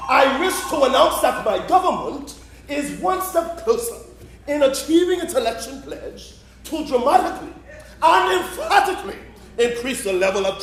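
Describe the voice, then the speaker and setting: A jaded old prime minister with a Bahamian accent, boastful and folksy, sparring with trash talk, played by a male stage actor. His voice sits high for a man. It rings out in an echoey theatre with faint hiss behind. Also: fairly bright tone, heavily acted. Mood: rehearsing. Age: 70s. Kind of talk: live stage play.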